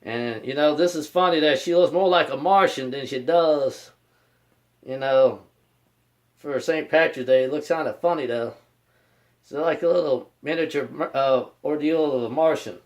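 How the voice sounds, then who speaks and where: Hosting his own YouTube channel, a man with a slightly high voice gives a casual vlog announcement at a moderate pace. It rambles and repeats, and he often refers to himself in the third person.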